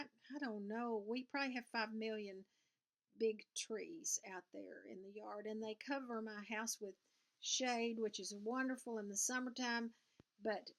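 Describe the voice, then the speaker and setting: A woman's voice: mid-range voice, fairly bright tone. An older woman with a Southern US accent, chatting casually to camera from her sewing room in a rambling, folksy way. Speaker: cross-stitch vlogger. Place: home sewing room, indoors.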